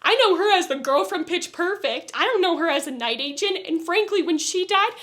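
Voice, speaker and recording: A woman giving a casual, opinionated show review in a chatty way, getting loud and exasperated when she rants. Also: extremely high pitch, expressive, a little fast.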